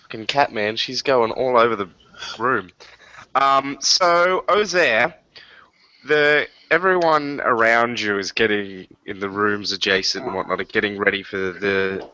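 A man running a tabletop game as game master over a voice call, jokey and halting with fillers. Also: on the low side, bright, forceful tone, dry recording, rough recording.

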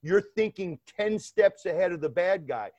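A middle-aged man from Georgia with a New York accent, a former federal agent telling stories in an interview with emphatic, animated delivery. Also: high voice, moderate pace, dry recording. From Atlanta area, Georgia. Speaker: former FBI undercover agent, guest. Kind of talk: interview conversation. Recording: dull lo-fi dry sound.

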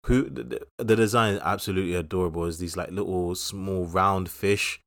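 This podcast co-host's voice sits low and fairly bright, with fairly even intonation and a brisk pace. He talks films casually, rambling, joking, and frequently starting over.

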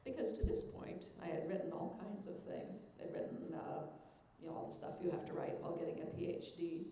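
A woman's voice: fairly low pitch, a little fast. An older woman author answering audience questions, rambling and chuckling with lots of fillers. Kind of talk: relaxed Q&A answers. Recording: echoey hall mic with faint noise.

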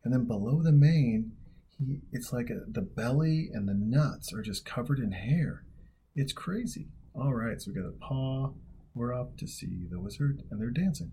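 A man's voice: mid-range voice, expressive, normal speed, dark tone, husky. A man from Montana hosting a casual reaction video, rambling and jokey with plenty of profanity and trailing restarts. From Montana, USA. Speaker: video host reacting to a film.

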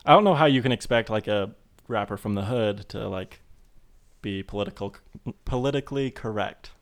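A young man with a gravelly, fry-edged voice runs a casual sports podcast. He talks fast and leans on sarcasm, tossing out topics and teasing his co-hosts. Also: lowish voice. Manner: sarcastic, fast-talking banter. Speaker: podcast co-host.

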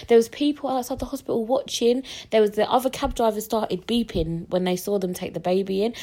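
A young woman with a British accent, telling a personal story in a lively, slangy way and acting out the voices of the people in it. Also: fairly high pitch, brisk, hardly any pauses. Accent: British English. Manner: animated, acts out quoted voices, slangy. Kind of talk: casual storytelling.

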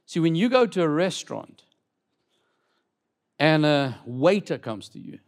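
High-voiced man preaching with fire. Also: a little slow, vocal fry. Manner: animated, repeats words when building up, rising to loud emphatic peaks; asks the congregation direct questions. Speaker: apostle preaching to a church. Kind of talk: sermon.

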